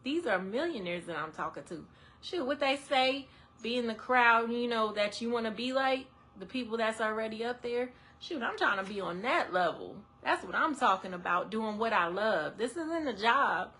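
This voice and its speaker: An independent travel agent chats with her live-stream viewers from indoors beneath a ring light, speaking directly to them and laughing a lot. Her voice is fairly high and her pace moderate, and she comes across as animated in this casual stream talk.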